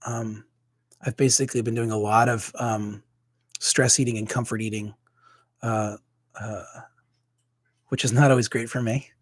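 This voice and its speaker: A man with a husky, slightly breathy voice chats openly and loosely, circling back with fillers and restarts. He sounds like a priest talking to his online congregation, close to the mic in a dry, dead room. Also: medium pitch, fairly even intonation, normal speed, pauses often, no room sound. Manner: candid, rambling, with many fillers and restarts. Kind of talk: casual livestream chat.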